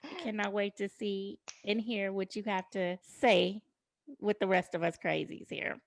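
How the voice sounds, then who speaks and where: A woman's voice: mid-range voice, unhurried, gravelly, no echo, studio quality. A woman hosting a casual recap chat from home on a video call, playful and theatrical as she announces. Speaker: host.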